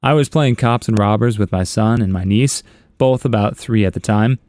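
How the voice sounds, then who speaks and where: A man's voice: lowish voice, normal speed, darkish tone. A man reading internet stories aloud, chuckling and adding wry asides on a close voice-over mic. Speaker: story narrator.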